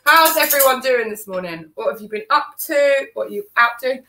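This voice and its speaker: A woman's voice: high-pitched, expressive, moderate pace, pushed and bright, roomy sound, soft background music. Chatty woman in a kitchen. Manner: chatty, giggly, rambling asides. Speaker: cooking show co-host. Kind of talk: casual kitchen chat. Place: home kitchen.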